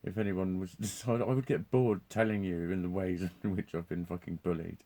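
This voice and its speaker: A man's voice: low-pitched, fairly even intonation, normal speed, mellow. A man rambling in a live monologue, swearing constantly, laughing often and restarting his sentences. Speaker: vlogger.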